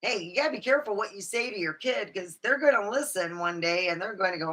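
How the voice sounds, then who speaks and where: A woman's voice: medium pitch, lively intonation, normal speed, sharp tone. A woman talking alone in her room in a rambling, swearing vlog monologue, laughing at her own jokes. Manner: rambling, swearing, jumps between topics. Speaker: vlogger.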